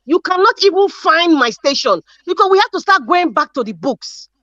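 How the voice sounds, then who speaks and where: A high-voiced Nigerian woman speaking with fervent emphasis, circling back over her points and restarting phrases as she goes. The sound is dull and lo-fi, close and dry, like a stream over a video call. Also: very animated, normal speed, pushed and bright, no echo. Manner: emphatic, repeats herself, frequent restarts and fillers. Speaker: live stream panelist. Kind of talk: impassioned political commentary.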